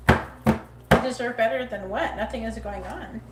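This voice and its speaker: A woman's voice: on the high side, measured pace, background noise. Blunt, profane psychic woman in an echoey room. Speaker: psychic livestream host. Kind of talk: live tarot reading chat. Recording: echoey room, mic at a distance.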